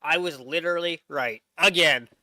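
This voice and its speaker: A young man talking casually over gameplay into a headset, rambling and swearing often. His throat is sore, and his voice is bright on a dry, close mic. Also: a little high, normal speed, no room sound. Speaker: streamer.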